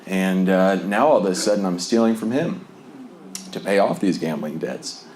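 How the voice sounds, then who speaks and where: A man's voice: low-pitched, moderate pace, a little mellow, slight background noise. A man sharing a personal recovery testimony in a conversational, rambling way, full of fillers and small laughs. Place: Lubbock, Texas.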